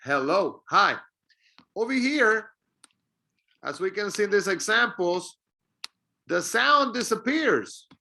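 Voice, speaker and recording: A man's voice: high voice, expressive, slow, gravelly, long pauses, sharp tone. A man whose first language is Spanish, teaching an English lesson and patiently drilling example sentences. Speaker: ESL teacher.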